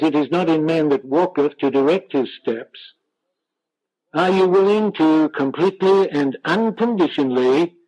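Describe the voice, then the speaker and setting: Slow, emphatic male preacher on radio. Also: a little high, darkish tone, muffled recording. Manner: slow, emphatic preaching with drawn-out scripture quotes. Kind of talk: sermon.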